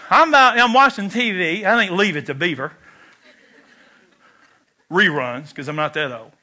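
A man's voice: high-pitched, normal speed. A man preaching a sermon, telling a personal story and acting out its lines. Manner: animated storyteller, shouts quoted lines. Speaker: pastor.

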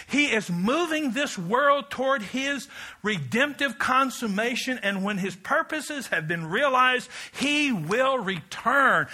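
A middle-aged man preaching a sermon, emphatic and climbing to loud peaks, then dropping into folksy storytelling asides. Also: very high voice. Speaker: pastor.

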